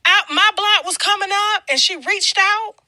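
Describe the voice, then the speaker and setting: A woman gossip blogger rants straight to her audience, blunt and profane, slipping in quick impressions of the people she talks about. Her voice sits very high and cuts through sharply, and the sound is close and dry with no room around it. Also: pushed and bright, no room sound. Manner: blunt, brash and heavily profane, acting out others' lines. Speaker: celebrity gossip blogger and channel host. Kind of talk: casual profane rant to camera.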